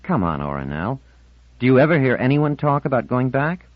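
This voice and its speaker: A man's voice: medium pitch, big pitch swings, a little fast, dry recording, voice pushed up, lightly acted. A man voicing an earnest, defensive fifteen-year-old girl in an audiobook, insistent and pleading. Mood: frustrated. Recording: dull lo-fi audiobook recording.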